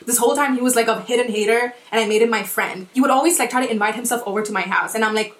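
Young woman podcaster, rapid rambling delivery, heavy swearing, slightly high voice, echoey room. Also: fairly bright tone. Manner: rambling, swears a lot, many restarts and "like". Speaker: podcast host. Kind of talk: casual storytelling monologue.

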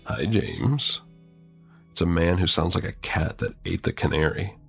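Low gravelly guy reading a creepy story in first person, dramatic and wry. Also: flat delivery, a little fast, faint music behind. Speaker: narrator.

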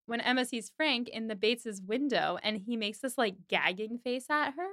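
A woman's voice: on the high side, normal speed, a bit bright, no echo, studio quality. A woman hosting a podcast, chattily recapping a TV episode and leaning on "like" as she talks. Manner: chatty retelling, heavy use of "like".

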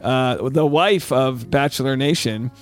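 A man's voice: medium pitch, unhurried. A man hosting his own podcast as a stand-up comic, talking in an upbeat, jokey way with rambling asides. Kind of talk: energetic solo podcast chat.

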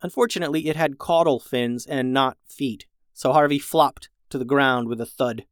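A children's story podcast host reading a story aloud in a lively way, changing pitch for the characters. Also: normal speed, smooth, no echo, clean studio sound.

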